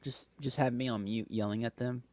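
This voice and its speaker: A man co-hosting a casual podcast chat, joking and laughing often in quick bursts. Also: mid-range voice, fairly even intonation, darkish tone, no echo. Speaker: podcast co-host.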